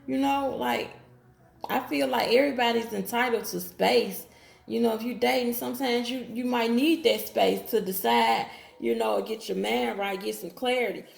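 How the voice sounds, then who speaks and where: Brief: woman storyteller, gravelly voice, casual and direct, echoey room. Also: a little high, fairly even intonation, normal speed. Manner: talks straight to viewers with Southern-style slang, quotes others in her own voice.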